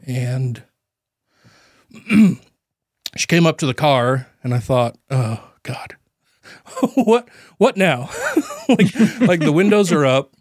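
A man co-hosting a podcast, telling a personal story in casual chat, halting with fillers and nervous laughs, grief close to the surface. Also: mid-range voice, animated, no room sound. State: grieving, voice near tears. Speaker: podcast co-host.

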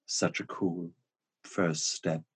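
A man with a German accent hosting a casual interview, encouraging and quick to laugh. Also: low voice, steady tone, slightly rough. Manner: warm, encouraging, laughs often. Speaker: podcast host.

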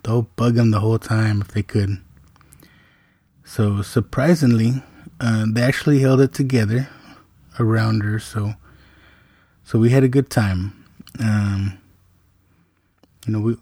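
A middle-aged man, a podcast host, telling a family story in a relaxed, rambling way with many fillers. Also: lowish voice, no echo, studio quality. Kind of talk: casual storytelling.

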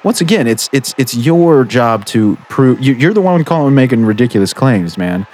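A man's voice: medium pitch, expressive, normal speed, darkish tone, a little hiss or hum. A man hosting a comedic call-in show, arguing patiently and tripping over his words. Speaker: radio show host.

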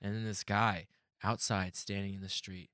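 Guy with a bright voice telling stories, cusses a ton, laughs a lot, dry mic. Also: lowish voice, level tone, moderate pace, no echo. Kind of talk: casual podcast chat.

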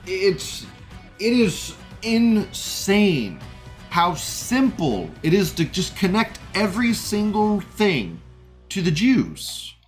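A man hosts a livestream in a crude, sneering rant, his voice sitting a little high. He laughs often at his own remarks. Faint music runs under him. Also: very animated, slow pace. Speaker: host.

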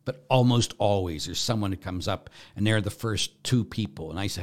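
A man's voice: lowish voice, moderate pace, few pauses. A man who is a Catholic priest, answering a viewer's question in an emphatic, preachy way and repeating his key points.

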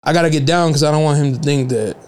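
A man with a somewhat high voice hosting a casual podcast conversation. He tells stories loosely, full of slang and swearing, and he talks in an offhand, conversational way. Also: fast talker, clear, resonant tone. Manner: loose storytelling, slangy and profane. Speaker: podcast host. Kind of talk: casual chat.

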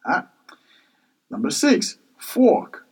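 A man's voice: sits high, wildly swooping pitch, drawn-out words, a little mellow, breathy edge, rough recording. A man teaching kitchen vocabulary, patiently repeating each word several times and spelling words out for learners. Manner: self-correcting and spelling words out. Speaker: language teacher.

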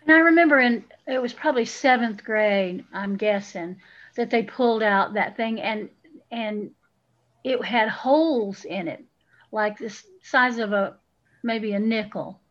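A woman's voice: a little high, unhurried, fairly bright tone, highs cut off. A woman with a Southern US accent, co-hosting a podcast and telling stories in a feisty, blunt way. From Southern United States. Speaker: podcast co-host. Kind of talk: casual chat.

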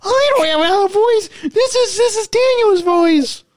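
A woman putting on a high, squeaky voice as a man who insists it sounds manly, protesting loudly in podcast banter. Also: animated, normal speed. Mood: indignant. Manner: indignant, shouting insistence.

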